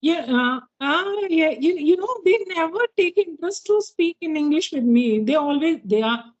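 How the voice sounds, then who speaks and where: Hesitant middle-aged Indian woman, higher voice. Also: lively intonation, moderate pace, highs cut off. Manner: hesitant, many fillers and restarts. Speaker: interviewee, NGO director. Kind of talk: casual English practice conversation.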